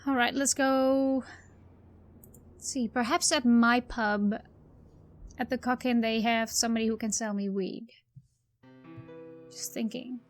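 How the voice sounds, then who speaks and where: A woman's voice: a little high, fairly even intonation, unhurried, pauses often, soft background music. A woman doing let's play commentary, rambling and thinking aloud as she plays. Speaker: video game player.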